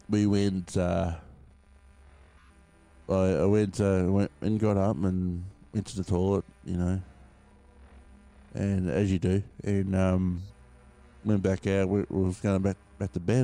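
A man's voice: deep voice, steady tone, measured pace, warm tone. An Australian man hosting a podcast, telling a story in a rambling, casual way with lots of fillers and swearing. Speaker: podcast host.

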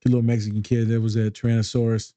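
A man's voice: mid-range voice, level tone, rapid-fire, warm tone, dry recording. A man talking in a casual podcast chat as a therapist, blunt and streetwise, swearing freely.

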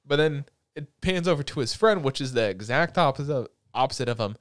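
Young man, casual host chat, animated and crude, joking, average pitch, dry close sound. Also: brisk, no echo.

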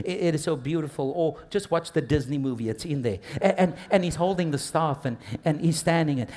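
A man preaching to a congregation with a slightly high voice. He drops to hushed, intimate asides and then builds to loud, impassioned peaks, calling on the listeners to answer back. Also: brisk, few pauses. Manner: talks to the congregation directly with call-and-response prompts. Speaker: pastor. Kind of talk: sermon.

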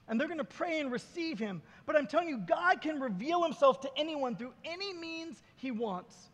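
A man with a very high voice preaches in a church, telling stories animatedly and slipping into the voices of the people in them. His words ring out with the long reverb of a large hall. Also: normal speed, hardly any pauses. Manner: animated storytelling, acting out voices. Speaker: pastor. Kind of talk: sermon. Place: church sanctuary.

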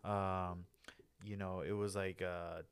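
A man's voice: deep voice, flat delivery, slow, clean tone. A man from the United States co-hosting a casual podcast, telling loose, slangy stories full of fillers and restarts. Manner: rambling, loose slangy storytelling with many fillers. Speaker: podcast co-host. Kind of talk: casual chat.

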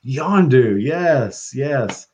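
A man talking as a podcast guest in casual chat, excitable and profane, breaking into loud bursts when quoting. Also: mid-range voice, very slow, crowd noise. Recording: dull lo-fi sound.

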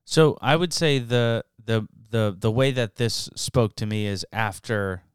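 A man co-hosting a podcast, relaxed and agreeable, talking in casual slang. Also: on the low side, unhurried, clear, resonant tone, no room sound, clean studio sound. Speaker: podcast co-host.

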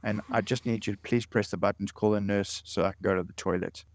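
A man's voice: fairly low pitch, fairly even intonation, fast, close to an everyday voice. A man voicing a hospital patient who lost his limbs, politely pleading for help.

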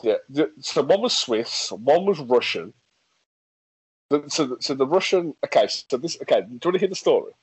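A man's voice: mid-range voice, moderate pace, husky, no echo, poor audio. A man chatting casually as a podcast co-host, reading facts aloud with lots of restarts. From England. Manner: animated, reads facts aloud, frequent restarts and laughs. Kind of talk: casual chat.

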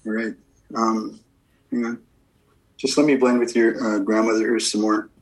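Husky-voiced male medium, steady questions. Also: lowish voice, moderate pace, low-quality recording. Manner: asks short yes-or-no questions, repeats "okay, perfect". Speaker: evidential medium giving a reading. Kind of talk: spirit reading session.

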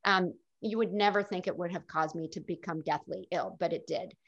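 A middle-aged woman speaks candidly and reflectively as an interview guest. Her voice has a gravelly, creaky edge. The recording is dull and lo-fi. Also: lowish voice, a little fast, fairly bright tone. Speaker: guest telling her illness story. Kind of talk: casual interview storytelling.

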